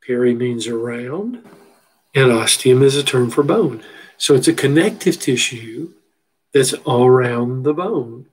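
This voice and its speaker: Middle-aged male biology instructor, husky, folksy, repeats key terms, asks rhetorical questions. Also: mid-range voice, animated, a little slow, rough recording. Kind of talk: recorded lecture walking through a textbook figure.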